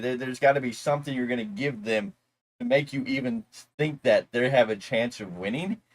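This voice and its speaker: A man talks through a wrestling episode at an easy middle pitch. His recap rambles and wanders into side remarks, the way friends chat about last night's show. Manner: rambling, loose asides and mocking imitations. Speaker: wrestling show reviewer, co-host. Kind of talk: casual recap and commentary.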